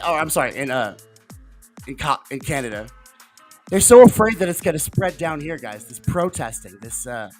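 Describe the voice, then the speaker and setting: A man hosts a political livestream in a fervent, rambling manner. His voice sits mid-range and leaps up and drops low as he rails on. A faint bed of music plays behind him. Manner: fervent, rambling, loud swings in volume. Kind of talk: casual political livestream commentary.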